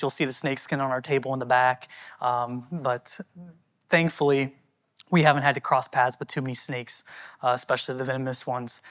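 A man's voice: medium pitch, fairly bright tone. A man from the United States, a missionary answering audience questions at a church in an earnest, conversational and thankful way.

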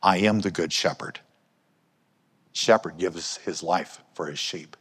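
A man preaches slowly in a low voice that is fairly bright with a breathy edge. His sermon is conversational, posing questions to the congregation, and the church hall gives the recording a long reverb.

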